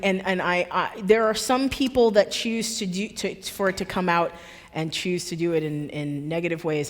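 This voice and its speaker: Impassioned woman speaking in an echoey hall. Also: lowish voice. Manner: forceful, emphatic, repeats words for effect. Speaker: guest speaker. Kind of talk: impassioned public talk. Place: church hall.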